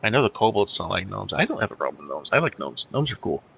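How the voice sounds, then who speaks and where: Guy doing a bouncy joke-telling dragon, low gravelly voice, eager. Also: big pitch swings, fast talker, a bit bright, exaggerated voice. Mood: friendly. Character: playful male copper dragon who loves jokes.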